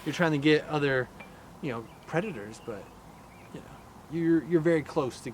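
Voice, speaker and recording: A man co-hosting a casual outdoor chat, speaking in a measured way and weighing both sides. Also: a little high, slight background noise. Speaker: co-host.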